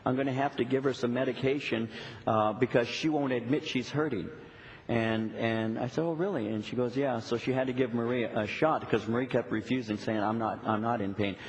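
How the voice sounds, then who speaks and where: A middle-aged male pastor preaching a sermon, telling a story with lots of repeated "and"s and lively retelling. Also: mid-range voice, fairly quick. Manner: storytelling, animated, with many repeated "and"s. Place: church sanctuary. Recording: long reverb of a church hall.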